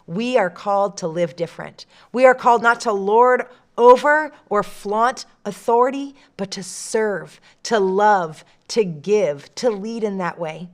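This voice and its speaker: An earnest woman speaking to her church in a short devotional. Her voice sits in an ordinary middle range. She talks with feeling and eases down softly when she reads scripture aloud. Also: mid-range voice, a little slow. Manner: earnest and expressive, dropping soft on scripture lines.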